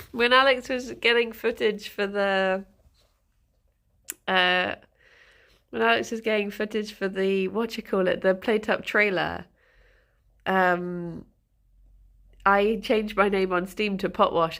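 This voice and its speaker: A woman's voice: mid-range voice, a bit bright. A woman streaming casually, giggly and rambling, chatting with viewers and talking to her rabbits, a bit sniffly.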